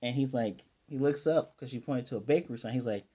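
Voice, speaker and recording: A man's voice: medium pitch, fast, warm tone, slightly rough. A man casually recapping an anime episode as a reviewer, rambling with lots of fillers and restarts.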